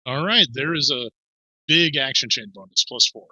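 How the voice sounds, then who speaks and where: Very bright-voiced male game master. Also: medium pitch, moderate pace, no room sound, low-quality recording. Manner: lively narration with put-on voices and fillers. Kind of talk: narrating a tabletop game.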